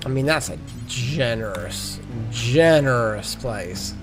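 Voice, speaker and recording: A man's voice: medium pitch, expressive, slow, over music. A man streaming a colony-building game live, thinking aloud with muttered asides and wry jokes. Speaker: gaming streamer. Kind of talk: live gameplay commentary.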